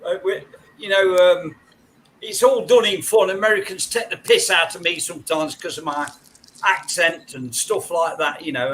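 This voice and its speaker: A man's voice: sits high, a bit bright, a little hiss or hum, low-quality recording. A man from England with a Nottingham accent, joking around as host of a casual live chat. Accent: Nottingham English. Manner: joking, dialect grammar.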